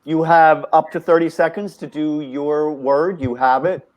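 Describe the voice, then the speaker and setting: A man with a slightly high voice runs a loose comedy game show over a video call. He is chatty and stumbles over his words, laughing easily as he moves the game along. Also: steady tone. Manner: chatty, stammers, quick to laugh. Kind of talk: casual improv game show hosting.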